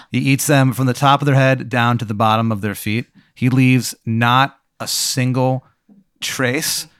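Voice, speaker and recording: A man narrating an improvised comic scene, rambling and deadpan with many fillers. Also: medium pitch, a little slow, clear, resonant tone, no echo, clean studio sound.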